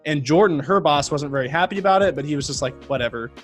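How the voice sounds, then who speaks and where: A man tells a long, rambling story as a podcast guest, full of fillers and quick asides. His voice sits a little high for a man. Faint music plays quietly in the background. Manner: rambling, animated retelling with frequent fillers. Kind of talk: casual storytelling.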